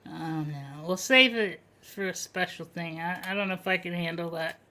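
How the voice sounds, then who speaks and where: A man's voice: high voice, moderate pace, sharp tone. A man co-hosting a podcast, chatting casually and hesitantly with many fillers. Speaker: podcast co-host. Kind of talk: casual live-stream chat.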